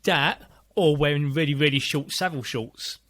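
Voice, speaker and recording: A man's voice: on the high side, moderate pace. A man, a personal trainer guest on a podcast, telling gym stories with plenty of swearing and laughter. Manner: swearing, animated storytelling with frequent laughs. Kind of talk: casual chat.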